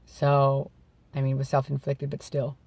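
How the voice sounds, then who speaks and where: A man with a gravelly voice worn by vocal nodes, a bit hoarse from throat clearing, talking candidly to camera outdoors in a reflective, halting way. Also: medium pitch, completely flat delivery, darkish tone, no echo. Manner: reflective and halting, with restarts and self-corrections. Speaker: vlogger. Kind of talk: candid personal talk to camera. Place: outdoors in bright daylight.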